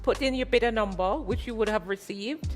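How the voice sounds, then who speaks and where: A woman taking bids through the chat and relaying them to the auctioneer, brisk and helpful. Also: a little high, faint music behind. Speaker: bid taker. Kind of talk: live event announcement.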